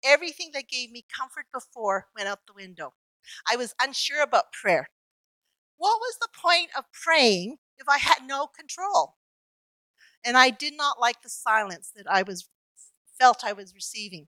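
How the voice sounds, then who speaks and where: A woman preaching a sermon, telling a personal story in an earnest, reflective way with slow emphatic pauses. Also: high-pitched, expressive, pushed and bright, dry recording, poor audio.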